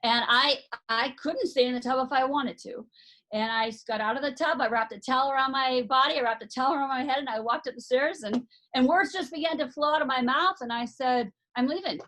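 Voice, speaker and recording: A woman's voice: high voice, fairly quick, bright, forceful tone. A woman, an author and life coach, telling a personal story as a podcast guest, earnest and emphatic, often restarting her sentences.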